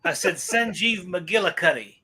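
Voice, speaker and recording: A man's voice: sits high, lively intonation, moderate pace, background noise. A man casually telling joking stories about prank-calling scammers on a live chat show. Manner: joking storyteller.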